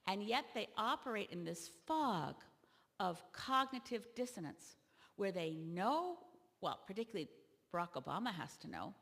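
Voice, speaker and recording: A woman from Canada, a party leader, giving an animated convention keynote speech that rises to loud emphatic peaks. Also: mid-range voice, moderate pace. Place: large convention hall. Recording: long reverb of a large hall.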